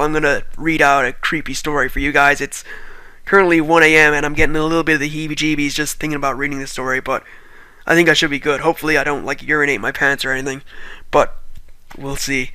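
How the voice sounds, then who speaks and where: A man's voice: on the high side, pushed and bright, no room sound. A young Irish man with a light Irish accent, chatting casually and self-deprecatingly before reading a creepy story aloud to his viewers. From Ireland.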